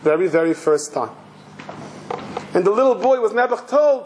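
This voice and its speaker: A man's voice: high voice, animated, normal speed, a little mellow, low-quality recording. A man, a rabbi, giving a sermon with emotional storytelling and repeated phrases.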